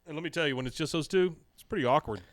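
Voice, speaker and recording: A man's voice: fairly high pitch, very fast, dry recording, clean studio sound. A man co-hosting a podcast, casually recapping a cartoon episode and acting out the characters' quotes. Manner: animated storytelling, acts out quotes. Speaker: podcast co-host.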